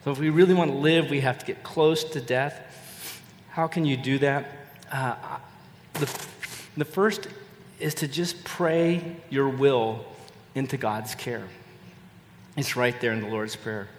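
An older man preaching a sermon as a pastor, earnest and measured, repeating phrases for emphasis. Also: mid-range voice, steady tone, slight background noise. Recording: echoey hall with long reverb and faint ambience.

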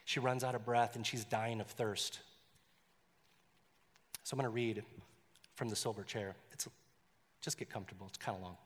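A man's voice: on the low side, steady tone, moderate pace, long pauses, in a large hall. A male pastor preaching in a conversational way, with joking asides and a story read aloud.

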